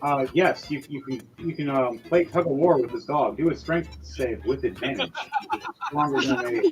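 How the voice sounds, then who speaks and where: A man's voice: medium pitch, soft background music. Rambling man running a tabletop game. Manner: rambling, halting restarts. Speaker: game master.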